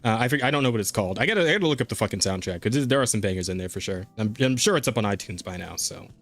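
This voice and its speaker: A man's voice: on the low side, lively intonation, rapid-fire, a bit bright. Laughing, profane man on a podcast. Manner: loose and profane, laughs often, stammers on restarts. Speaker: podcast co-host. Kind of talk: casual podcast chat.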